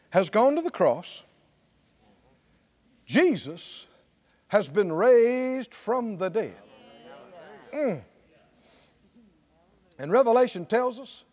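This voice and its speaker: Pastor guy preaching in church, really high voice, swings up and down a lot, punchy call-and-response. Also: darkish tone, slightly rough. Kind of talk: sermon.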